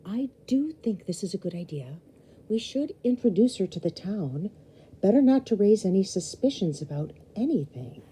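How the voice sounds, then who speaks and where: A fussy, theatrical uncle with a booming, showy manner, as a woman reading aloud puts him on. His voice swings up high and loud, with a husky, mellow tone underneath. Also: very animated, brisk. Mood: hushed. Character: fussy, theatrical uncle, middle-aged man.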